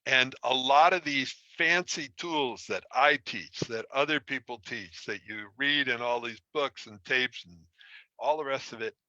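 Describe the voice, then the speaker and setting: A man's voice: medium pitch, unhurried, pushed and bright, no echo, dull audio. A man teaching an online relationship course, explaining in a conversational way with self-deprecating stories. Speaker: relationship coach. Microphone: streaming from a computer.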